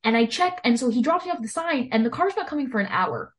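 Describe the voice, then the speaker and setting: A woman's voice: a little high, fast talker. Young woman, casual chatty storyteller, voices the people in her story, lots of "like". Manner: animated storytelling, heavy use of "like", acts out quoted lines. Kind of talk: casual chat.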